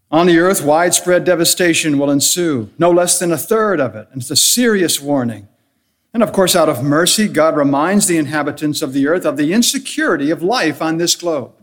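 A pastor delivering a solemn, measured sermon, leaning on deliberate repetition for emphasis. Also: male voice, on the high side.

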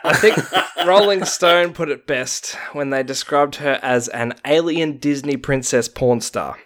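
Young aussie bloke telling a story on a podcast, dry jokey delivery. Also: male voice, on the high side, a little slow, a bit bright. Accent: Australian. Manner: wry, tells researched stories with jokes. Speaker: podcast co-host. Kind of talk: casual podcast chat and reading research.

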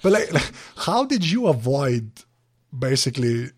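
Casting: man of mid pitch, easygoing co-host, loose and chatty questions. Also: measured pace, breathy edge. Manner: relaxed, chatty, heavy use of "like", laughs often. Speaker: podcast co-host. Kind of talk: casual podcast interview.

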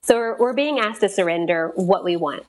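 A woman, telling a personal story in casual chat, lively and acting out quoted voices. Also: medium pitch, normal speed. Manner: animated, quotes herself and others.

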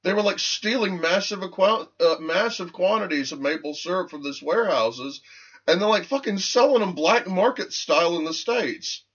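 A man's voice: high voice, normal speed, husky. A man co-hosting a podcast, ranting and swearing freely in casual banter. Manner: profane, ranting, animated. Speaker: podcast co-host. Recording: muffled lo-fi podcast audio.

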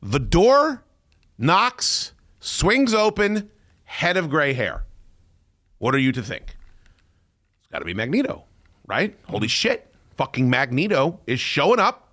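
A man hosting a podcast in casual chat, excitable and profane, often breaking into loud shouting. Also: a little high, slow, pauses often. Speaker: podcast host.

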